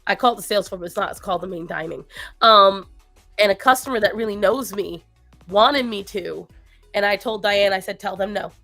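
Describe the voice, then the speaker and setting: A woman's voice: medium pitch, brisk, bright, forceful tone, faint music behind. Tired woman rambling on a livestream. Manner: rambling, talks to her pets in baby talk between stories. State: tired and low after a long week. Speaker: stream host. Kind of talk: casual chat on a livestream.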